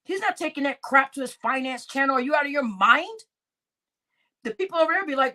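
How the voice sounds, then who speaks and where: A woman hosting a live stream, animated and exclaiming as she reacts to clips. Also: high-pitched, fairly quick. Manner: animated and exclaiming, laughs often.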